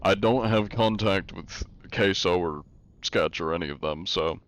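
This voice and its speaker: A young adult man livestreaming, chatting casually with his viewers in a relaxed, rambling way with many fillers. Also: low voice, unhurried, lo-fi sound. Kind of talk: casual chat with stream viewers.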